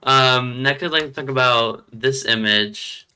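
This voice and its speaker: A man's voice: medium pitch, measured pace, sharp tone. A man hosting a podcast, briefly steering the guest to new topics. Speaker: podcast host.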